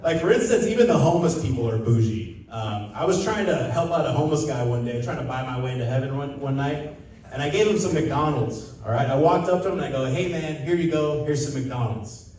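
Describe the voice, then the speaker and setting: A man's voice: medium pitch, lively intonation, quick pace, darkish tone, slight background noise. A young man from Southern California doing a stand-up set, chatting with the crowd and acting out quotes in loose, rambling stories. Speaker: stand-up comedian. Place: casino stage with a live audience. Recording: very echoey room, voice a bit distant.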